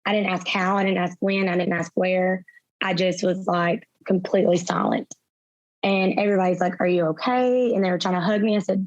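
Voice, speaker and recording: A young woman, a guest in an interview, retelling events through quoted dialogue in a soft, halting way with fillers. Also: fairly low pitch, steady tone, dry recording. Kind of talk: personal storytelling in an interview. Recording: slightly dull, dry sound.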